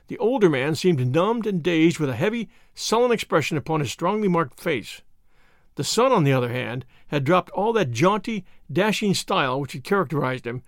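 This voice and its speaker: Brief: expressive male audiobook narrator, lively pitch, close and dry. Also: dry recording. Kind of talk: scripted narration of a classic story.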